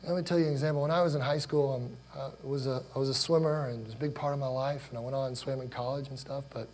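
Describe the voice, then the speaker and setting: A man in his forties preaches in an easy, conversational way, telling personal stories and putting questions to his listeners. His voice sits at an ordinary middle pitch, and a faint mains hum runs underneath. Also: fairly even intonation, fast talker, darkish tone. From Ohio, USA. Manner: conversational, personal storytelling, asks the congregation questions. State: choked up with emotion. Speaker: pastor. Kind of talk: sermon.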